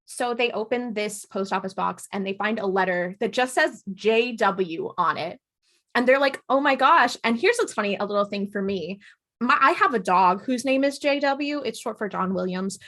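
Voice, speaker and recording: A woman co-hosting a podcast, retelling a TV episode in casual chat and acting out the characters' lines with animated energy. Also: mid-range voice, normal speed. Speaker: podcast co-host.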